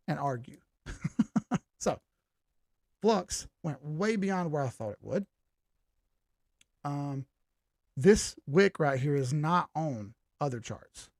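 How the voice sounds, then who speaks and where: A man with a somewhat high, gravelly voice hosts a live stream and talks through charts in a loose, casual way. He is blunt and combative and speaks straight to his viewers. The sound is close and dry. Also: darkish tone, no echo. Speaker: crypto live-stream host.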